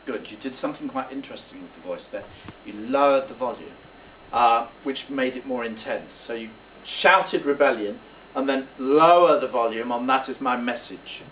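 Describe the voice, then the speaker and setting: A man's voice: medium pitch, moderate pace, fairly bright tone. A male drama teacher coaching a student through a speech, encouraging him and demonstrating lines aloud. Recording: roomy, distant mic, faint background noise.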